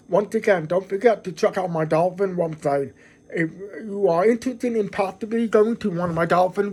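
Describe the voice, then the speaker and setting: High-voiced man, earnest rambling vlogger. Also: darkish tone. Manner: repetitive, restarts often, earnest and effusive. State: emotional, near tears. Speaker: channel host. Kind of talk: casual talking-to-camera vlog.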